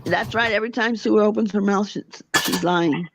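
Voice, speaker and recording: A woman's voice: mid-range voice, normal speed, background noise. A woman livestreamer in casual chat, ranting heatedly and gossiping about other streamers.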